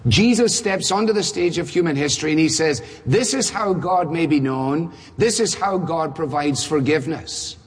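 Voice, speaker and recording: A man's voice: fairly high pitch, normal speed, few pauses, husky. A man preaching a sermon, firing off emphatic rhetorical questions with touches of dry humor. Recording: reverberant hall.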